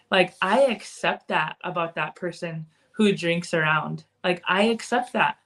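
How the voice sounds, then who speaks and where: A woman's voice: fairly low pitch, a bit bright. A woman speaking as a podcast guest in casual conversation, candid and frank, now and then cussing.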